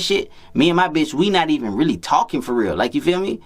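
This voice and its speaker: A man telling a story to his viewers in loose street slang, swearing freely and circling back over the same phrases. He talks as a dating coach in a casual monologue. His voice sits at an ordinary middle pitch for a man. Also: lively intonation, fast talker, hardly any pauses. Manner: slangy, profane, repetitive street talk.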